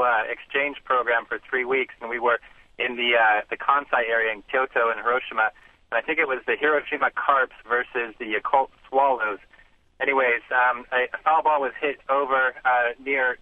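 A man's voice: medium pitch, dry recording. A man calling in to a radio show, telling a story hesitantly with many fillers. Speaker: caller. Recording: phone line.

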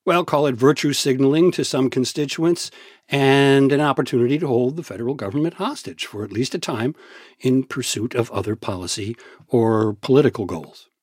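A man with a husky, slightly rough voice explains politics in measured, unhurried sentences. His delivery is dry and close, with no room sound around it. He speaks as a seasoned correspondent laying out the facts in a news interview. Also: medium pitch, a little mellow, no room sound. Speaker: senior political editor and correspondent. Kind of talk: radio news interview answers.

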